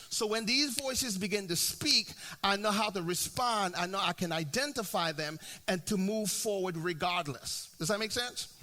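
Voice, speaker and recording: A man's voice: high-pitched, sharp tone. A man in his forties, a pastor preaching a sermon in a conversational way, often checking in with the congregation and restarting his phrases. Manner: frequent restarts and repeated words.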